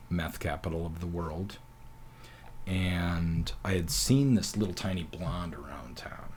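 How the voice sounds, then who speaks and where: A man from North Dakota hosting a talk show, telling comic stories in an animated, profane way and acting out quotes. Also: low-pitched, slight background noise. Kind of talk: comedic storytelling.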